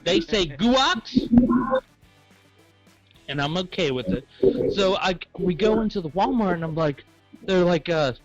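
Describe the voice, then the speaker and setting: A man's voice: high voice, normal speed, lo-fi sound, faint music behind. Rambling Southern man telling stories. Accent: Southern American. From American South. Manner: rambling, animated, acts out other people's voices. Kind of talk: casual comic storytelling.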